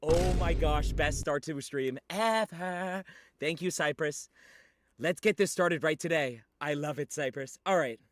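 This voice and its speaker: A young man livestreaming, chatting casually with viewers in an excitable, teasing way with sudden shouts. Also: a little high, unhurried.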